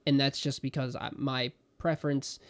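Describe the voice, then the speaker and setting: A young man co-hosting a casual podcast, talking in an animated, emphatic way with big swings in loudness. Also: mid-range voice, moderate pace, clear, resonant tone. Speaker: podcast co-host. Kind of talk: casual chat.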